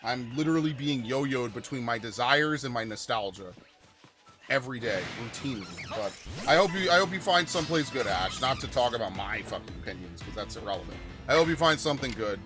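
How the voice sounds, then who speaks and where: A man in his forties from New York hosts his gaming stream and talks casually through a blunt, profane rant, restarting sentences as he goes. Game music plays clearly behind his voice. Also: mid-range voice, expressive, brisk. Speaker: gaming channel host. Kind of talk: casual live-stream rant during gameplay.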